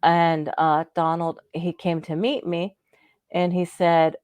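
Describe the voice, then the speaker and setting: Her voice is lowish and darkish, with little pitch movement and a slow pace, recorded with no room sound. A woman living in Florida, she shares a long personal story in casual conversation on a radio show, often laughing and mimicking the voices of those she quotes.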